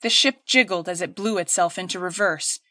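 A woman's voice: fairly low pitch, moderate pace, bright, forceful tone, no echo. Woman narrating an audiobook, dry close sound. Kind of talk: scripted narration.

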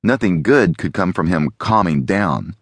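A man reading a novel aloud as an audiobook narrator, in a steady, even storytelling manner. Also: low-pitched, unhurried, no room sound.

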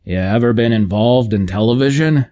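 A man voicing a large, middle-aged station manager in an audiobook, talking in a gruff, blunt, bureaucratic way. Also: medium pitch, moderate pace, warm tone, natural voice. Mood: sardonic. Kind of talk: audiobook character voice.

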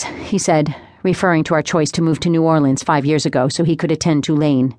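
A young woman reading a first-person audiobook in a measured, wry storytelling manner. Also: deep voice, fairly even intonation, darkish tone, no room sound. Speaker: audiobook narrator. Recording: dry close studio sound.

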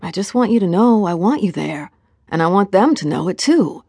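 Lady reading as a laid-back charming young guy, soft teasing tone, dry close sound. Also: mid-range voice, normal speed, husky, dry recording. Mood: earnest. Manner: relaxed, affectionate, teasing. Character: charming young man, easygoing tour guide. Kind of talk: audiobook character voice.

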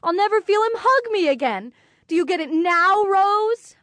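A woman voicing an upset seven-year-old girl who shouts in grief and anger in a children's audiobook. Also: animated, normal speed, no echo. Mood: upset shouting. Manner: high, shouting through tears. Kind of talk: audiobook character voice.

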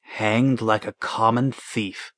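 A man's voice: lowish voice, fairly even intonation, takes it slowly, a bit bright. A man reading an audiobook voices a proud, defiant half-blood thief who hisses and snarls his denials. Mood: bitter. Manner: hissing, defiant.

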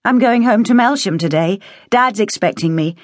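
An earnest, loyal young farm woman voiced by a female narrator in an audiobook. She speaks with a lively pitch. The recording is dry and close. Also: moderate pace, no echo, natural voice.

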